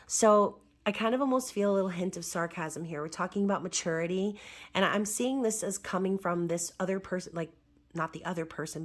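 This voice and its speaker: Woman, hoarse voice, somewhat low, chatty tarot reading, wry asides. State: hoarse, recovering voice. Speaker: tarot reader.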